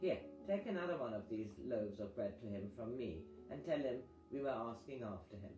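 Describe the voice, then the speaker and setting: A man's voice: medium pitch, expressive, normal speed, highs cut off, lightly acted. A man reading aloud who voices a chatty, kindly village postmistress with a lilting Welsh accent. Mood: confiding. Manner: gossipy, kindly, reassuring. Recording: echoey reading over guitar music.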